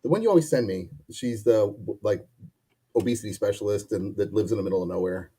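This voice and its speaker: A man's voice: on the low side, brisk, dark tone, breathy edge. A man from Ohio co-hosting a casual live-stream chat, easygoing and plainspoken. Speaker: co-host.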